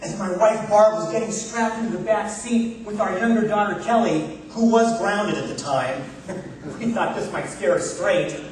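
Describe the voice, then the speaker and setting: A man giving a humorous contest speech on stage, telling a comic story with timed pauses before the punchlines. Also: high voice, darkish tone, a little hiss or hum. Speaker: contest speaker. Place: large hall, live stage. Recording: echoey hall from far off.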